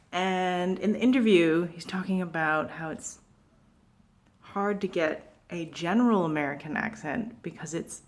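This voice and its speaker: A young woman from Vancouver talks straight to camera with a Pacific Northwest Canadian accent. Her voice sits a little low. She rants in a loose, chatty way, full of asides and fillers. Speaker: vlogger. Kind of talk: casual opinion rant to camera.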